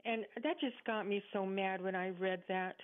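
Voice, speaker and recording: A woman's voice: mid-range voice, steady tone, normal speed. A woman calling in to a radio show, chatty and earnest, rambling a little as she talks. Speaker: caller. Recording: phone line.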